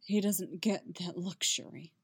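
A weary, gruff grown man who speaks low and slow, holding his grief in check, as a woman reads him. The voice sits a little below her own, quiet and unhurried, with a dry, close sound. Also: steady tone, no room sound, exaggerated voice. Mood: quiet, grieving.

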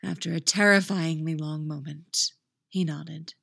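A woman reading fan fiction aloud on a couch in a friend's house, expressive, laughing and swearing at her own slips. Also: deep voice, unhurried, creaky, husky, no room sound, clean studio sound. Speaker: podfic reader.

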